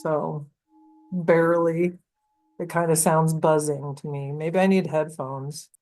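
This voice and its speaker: Female call participant, somewhat low pitch, hesitant, many fillers. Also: fairly even intonation, slow, darkish tone, faint music behind. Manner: hesitant, trails off, lots of fillers. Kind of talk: casual chat on a video call. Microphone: laptop on a video call.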